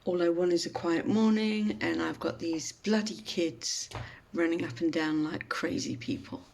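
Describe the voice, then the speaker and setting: A woman's voice: lowish voice, measured pace, vocal fry, a little mellow, slight background noise. A woman voicing an irritated man on a train. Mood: exasperated. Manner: indignant complaining.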